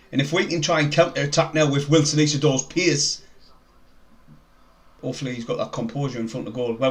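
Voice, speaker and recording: A young man with a North East English accent, commenting on a football match live for his stream and chatting with viewers in a chatty, excitable way. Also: mid-range voice. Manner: chatty, excitable, laughs often, reads out viewer names.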